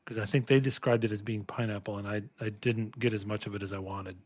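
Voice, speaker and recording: A man co-hosting a casual beer-tasting podcast, talking in a relaxed, rambling way with fillers and restarts. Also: fairly low pitch, quick pace, no echo. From Minnesota. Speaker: podcast co-host. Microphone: podcast microphone.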